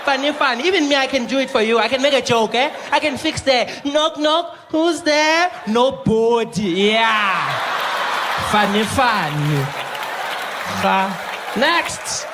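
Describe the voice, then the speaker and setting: A man's voice: very high-pitched, measured pace, a loud crowd, heavy background noise, pitched above the performer's own voice. A man voicing a mocking, sarcastic female hospital check-in clerk, teasing in a singsong tone and tagging lines with "eh?".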